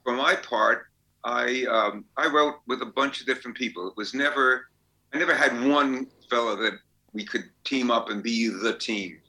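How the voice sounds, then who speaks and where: An older songwriter telling rambling anecdotes in a casual interview. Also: male voice, medium pitch, moderate pace, sharp tone, poor audio. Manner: rambling anecdotes with fillers and restarts. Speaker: songwriter guest.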